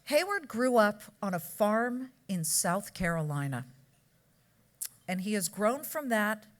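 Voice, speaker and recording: Woman from California, podium speech, breezy with jokes to the room. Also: medium pitch. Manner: chatty, joking asides to the audience. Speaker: award presenter at a charity gala. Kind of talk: after-dinner award speech. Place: banquet hall. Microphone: podium microphone.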